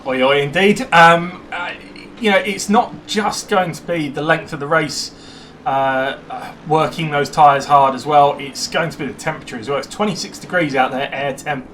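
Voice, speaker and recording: A man giving live commentary on a sim race, chatty and excitable when cars overtake. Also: on the high side, normal speed, a little hiss or hum.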